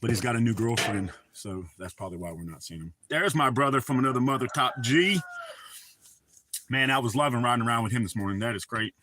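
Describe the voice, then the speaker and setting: A man's voice: medium pitch, fast talker, bright, forceful tone, a little hiss or hum. A middle-aged man hosting a laid-back morning live chat from home, rambling and swearing freely. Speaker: live stream host. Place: at home with his dogs.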